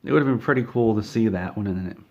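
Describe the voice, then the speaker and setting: A man's voice: on the low side, quick pace, a little mellow, highs cut off. A man telling an absurd comedy story in a rambling, mock-serious way.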